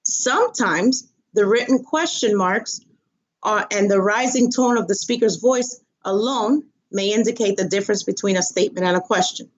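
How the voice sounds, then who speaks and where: A woman's voice: medium pitch, normal speed. A woman teaching an online Spanish lesson, patient and methodical, repeating phrases and stressing the rise of a question. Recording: dull lo-fi audio.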